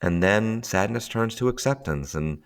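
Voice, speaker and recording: Very low-voiced man, animated talk. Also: moderate pace. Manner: animated, laughs often, acts out voices in his stories. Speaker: guest. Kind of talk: casual conversation.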